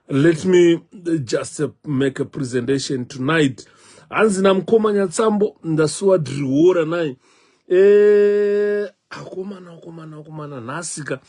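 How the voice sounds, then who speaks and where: A man with a Zimbabwean accent hosting a live stream, exclaiming loudly and dropping to soft murmurs. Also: a little high, a little slow. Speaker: online show host.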